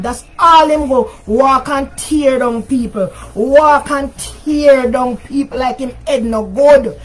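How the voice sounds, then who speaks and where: An older woman with a Jamaican accent, hosting a livestream rant in which she scolds and insults someone over and over, sometimes shouting. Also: high voice, measured pace. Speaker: talk show host.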